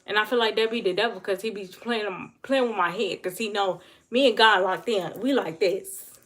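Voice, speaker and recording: A woman's voice: mid-range voice, fairly bright tone. Earnest woman preaching on a livestream. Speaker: livestream host. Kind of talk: casual faith talk to viewers. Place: home livestream.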